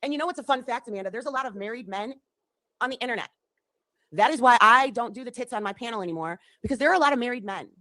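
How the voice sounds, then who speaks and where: A woman's voice: fairly high pitch, expressive, rapid-fire, pushed and bright, no room sound. A woman on a livestream, heatedly accusing someone and swearing. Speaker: livestreamer in a clip. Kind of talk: confrontational livestream rant. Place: home.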